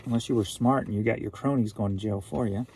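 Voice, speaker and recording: A man's voice: lowish voice, quick pace, noisy background. A man from St. Louis, Missouri, chatting casually at home, joking and riffing playfully on names as he goes. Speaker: online reseller. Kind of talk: casual rambling chat.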